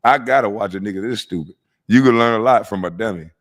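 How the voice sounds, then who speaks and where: This stream host has a lowish voice and speaks fast, his nose stuffy as he mocks the clips he's reacting to. The roast commentary is casual and profane, with sudden bursts of laughter.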